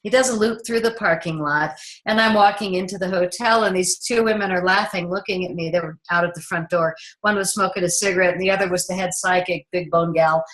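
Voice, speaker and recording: A middle-aged woman filmmaker telling a story in an interview, lively and acting out the dialogue. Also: lowish voice, fairly quick, low-quality recording. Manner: animated, acts out the dialogue in her stories.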